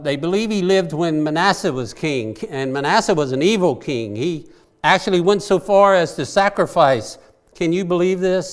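A male preacher, his voice sitting a little high for a man. He talks to his congregation earnestly and plainly, and climbs into passionate, pleading outbursts. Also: clear, resonant tone. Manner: earnest, rising to impassioned pleading. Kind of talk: sermon.

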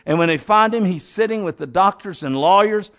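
A high-pitched man preaches with fervor. He keeps turning to his listeners as "my friend" and slips into the voices of the people in his story. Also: a little fast, fairly bright tone. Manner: fervent, addresses listeners as "my friend", acts out Bible characters. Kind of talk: sermon.

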